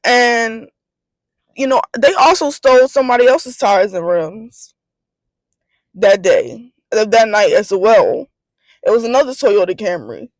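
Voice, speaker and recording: A young woman, retelling a bad day in a casual vlog with animated disbelief. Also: on the high side, measured pace, dry recording, poor audio. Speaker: vlogger.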